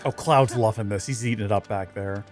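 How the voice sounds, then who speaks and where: A man's voice: lowish voice, a little fast, a little mellow, faint music behind. A man giving casual let's play commentary on a game, full of wry, joking asides.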